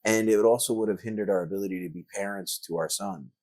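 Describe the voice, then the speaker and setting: Low-voiced middle-aged man telling anecdotes. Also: quick pace, darkish tone, no echo. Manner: rambling anecdotes full of filler words. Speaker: guest, actor and filmmaker. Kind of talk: podcast interview storytelling.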